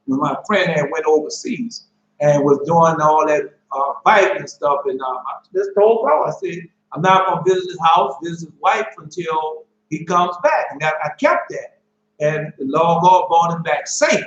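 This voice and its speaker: A man preaching an informal sermon, telling stories and reading scripture, excitable and full of slang like "man" and "boy". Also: on the high side, moderate pace. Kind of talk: informal sermon and Bible teaching. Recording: echoey room, dull lo-fi sound.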